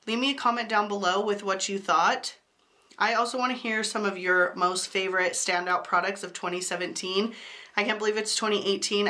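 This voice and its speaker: In a medium-pitched voice that sounds pushed and bright, the beauty YouTuber chats enthusiastically to camera reviewing makeup. A cold makes her sound sick, and she drops in apologetic asides.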